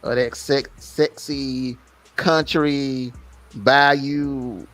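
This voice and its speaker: A man's voice: mid-range voice, steady tone, extremely slow, a bit bright. A man chatting casually on a live stream, easygoing and full of compliments. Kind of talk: casual chat.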